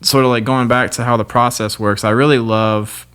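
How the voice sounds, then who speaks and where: A man's voice: medium pitch, level tone, normal speed, fairly bright tone, clean tone. A young man, a guest guitarist, talking in a laid-back, rambling way with many fillers. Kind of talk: casual chat.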